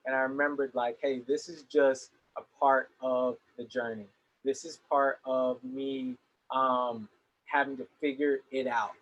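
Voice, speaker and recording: A man's voice: medium pitch, little pitch movement, measured pace, a bit bright, lo-fi sound. A young adult man giving an earnest motivational talk to young people. He often repeats words as he starts his sentences. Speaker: motivational speaker.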